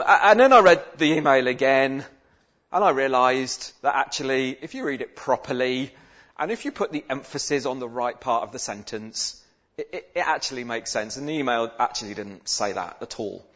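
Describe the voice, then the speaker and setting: A man's voice: medium pitch, fairly bright tone, lo-fi sound. A male minister giving a sermon in a chatty, self-deprecating way. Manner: chatty and self-deprecating, with dramatic psalm reading. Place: church.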